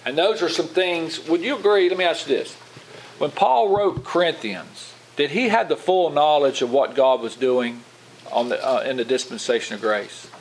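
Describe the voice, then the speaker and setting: This man sits a bit higher than most men's voices as he teaches scripture in an informal, chatty way. He keeps turning to his listeners with questions and doubles back on his words mid-sentence. A faint hiss of room noise sits under him. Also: moderate pace, low-quality recording. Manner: informal, asks congregation questions, repeats words. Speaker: pastor. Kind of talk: conversational Bible teaching.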